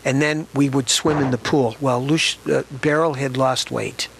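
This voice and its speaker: Gravelly older man reminiscing. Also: mid-range voice, fairly even intonation, moderate pace, slight background noise. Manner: conversational, reflective, often restarts sentences. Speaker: interview guest, author. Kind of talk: reminiscing storytelling in an interview.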